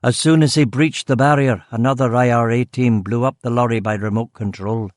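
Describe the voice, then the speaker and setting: A man's voice: medium pitch, steady tone, brisk, dry recording, studio quality, lightly acted. A man voicing a grizzled, blunt detective chief of about fifty, with a faint Scottish accent. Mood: gruff, weary. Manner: blunt, gruff, swearing.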